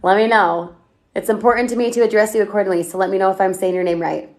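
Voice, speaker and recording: Chatty woman coaching a livestream audience. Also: medium pitch. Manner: energetic, chatty, asks rapid questions. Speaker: online business coach. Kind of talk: livestream chat reading viewer comments.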